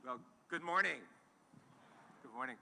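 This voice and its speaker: A man's voice: mid-range voice, a little slow, creaky, bright, forceful tone. A middle-aged man from Hawaii giving an enthusiastic keynote talk on a conference stage, with some restarts. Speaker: conference speaker. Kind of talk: keynote talk to a live audience. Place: large conference hall. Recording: long hall reverb.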